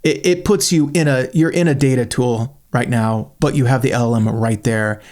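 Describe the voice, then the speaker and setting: Host, male, mid-pitched, chatty and eager, narrating his own screen demo while he thinks aloud. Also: moderate pace, a little mellow. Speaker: channel host reviewing a software tool. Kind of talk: screen-recorded software walkthrough.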